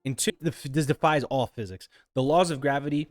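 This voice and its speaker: A man's voice: mid-range voice, fairly quick. A young man giving a casual, rambling game review monologue, exasperated and ranting as he goes. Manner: exasperated, rambling, animated rants. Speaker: gaming video creator.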